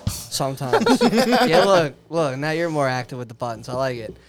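A man's voice: on the high side, very animated, moderate pace, music in the background. A man co-hosting a podcast in a studio, telling a rambling, profane story in casual chat, dropping "dude" a lot and laughing along. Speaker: podcast co-host.

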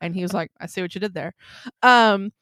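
A woman's voice: mid-range voice, brisk, no room sound, clean studio sound. A young woman telling a story in casual chat, acting out the other people's lines as she goes. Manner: animated storyteller acting out quotes. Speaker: friend chatting.

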